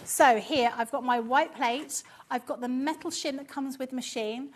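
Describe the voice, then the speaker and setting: A woman's voice: high voice, moderate pace. A woman demonstrating a craft machine on a live show, chatty and explaining step by step.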